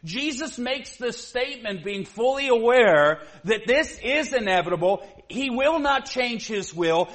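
Slow, high-voiced earnest male preacher. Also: sing-song, a bit bright. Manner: earnest, with repeated "you see" and rising emphatic stretches. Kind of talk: sermon.

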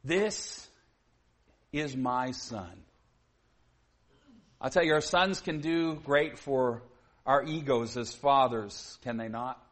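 A man's voice: medium pitch, slow, long pauses, a bit bright. A man preaching a sermon to his congregation, earnest, often saying "you see", sometimes building to emphatic peaks.

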